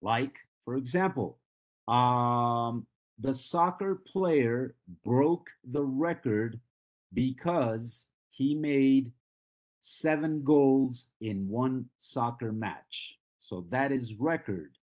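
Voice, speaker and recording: A male English teacher giving a live class at an unhurried, deliberate pace. His voice has a slightly husky edge. He explains patiently and often stops to check that the students follow. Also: medium pitch, darkish tone. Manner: patient, asks the class questions and checks understanding. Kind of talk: live online class lecture.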